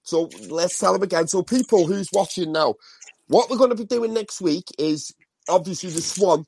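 A gravelly man with a Liverpool accent rambles on a casual live stream, swearing freely and talking over others. His voice sits a little high and the sound is dry, with no room around it. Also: moderate pace, darkish tone, dry recording.

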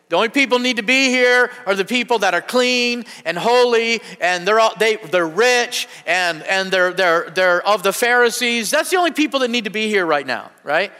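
Fervent preacher man, high bright voice. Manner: fervent preaching with repeated amens. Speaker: pastor. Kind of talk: sermon. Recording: church hall reverb.

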